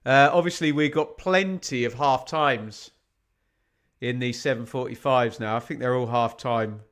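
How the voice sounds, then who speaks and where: A man commentating live on a football match for an online watch-along. He chats to his viewers, reads out the other scores and keeps asking the chat rhetorical questions. His pitch sits at an ordinary middle level for a man. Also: unhurried, a bit bright, smooth.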